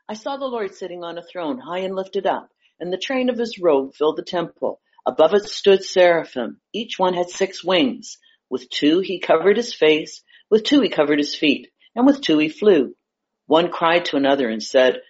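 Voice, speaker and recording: Woman, husky voice, scripture reading, muffled call sound. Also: on the low side, lively intonation, normal speed. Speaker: scripture reader.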